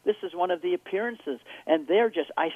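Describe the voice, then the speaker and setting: Animated man storytelling over a phone line. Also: high-pitched, fairly quick, dry recording. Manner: animated storytelling, acting out characters. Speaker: guest. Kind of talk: radio interview by phone.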